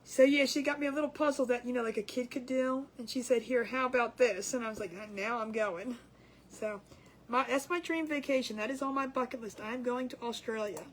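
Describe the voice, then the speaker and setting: High-voiced giggly woman crafting. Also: fast, slight background noise. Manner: chatty and giggly, rambling with restarts. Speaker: craft livestream host. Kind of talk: casual livestream chat while crafting.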